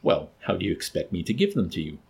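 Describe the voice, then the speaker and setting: A man voicing an enraged, unstable young man who shouts and rants verse. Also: low voice, huge pitch swings, quick pace, creaky, husky, exaggerated voice. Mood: harsh. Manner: shouting, ranting recitation.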